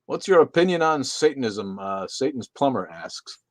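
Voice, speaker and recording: A man's voice: medium pitch, big pitch swings, normal speed, no echo. A man co-hosting a casual livestream, reading out chat comments with loose, profane jokes.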